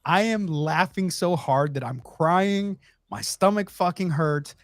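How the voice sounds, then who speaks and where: A man hosting a podcast, telling a story in a loose, profane, animated way. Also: high voice, slow, no room sound, studio quality. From Texas. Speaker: podcast host. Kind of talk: casual storytelling chat.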